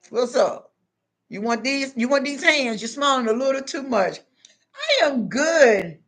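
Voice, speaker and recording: Her voice sits high and a little bright, moving at a moderate pace. She gives casual, unscripted spiritual advice in a blunt, confrontational way, full of street slang, talking directly to the listener with frequent tags such as "you know what I'm saying."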